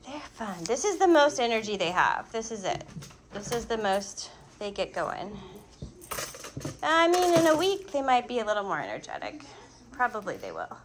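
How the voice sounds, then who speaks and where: Nursing a cold, a young woman who breeds dogs coos at puppies in an indoor pen in sing-song baby talk, vlog-style. Her slightly high voice swoops wildly in pitch at a normal speed, and the background is noisy.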